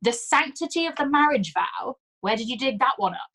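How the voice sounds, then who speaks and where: A woman voicing a blunt, mocking old village woman who speaks loudly, briskly and with scorn. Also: mid-range voice, very animated, breathy edge. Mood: derisive.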